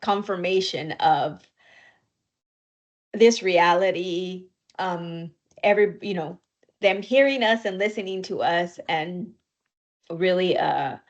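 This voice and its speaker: A woman co-hosting a podcast, telling a personal story in an emotional, halting way, near tears. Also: on the low side, highs cut off. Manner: emotional, halting, with fillers and soft laughs. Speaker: podcast co-host.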